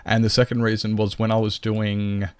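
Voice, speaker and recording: A man's voice: lowish voice, completely flat delivery, moderate pace, clear, resonant tone. A man streaming a game live, chatting loosely with viewers and rambling to himself. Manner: rambling, chatty, greets viewers, talks to his cat. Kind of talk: casual live-stream chat.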